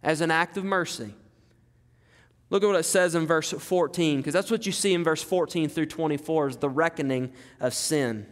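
A man with a high voice preaches an expository sermon, leaning hard on key words and repeating phrases for stress. He keeps asking his listeners rhetorical questions. His voice rings out with a long reverb, as in a church hall. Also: brisk, few pauses. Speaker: pastor.

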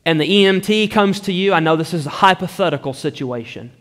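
A man preaching a sermon, slow and deliberate, often dropping to a hushed tone for emphasis. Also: high voice, expressive, in a large hall.

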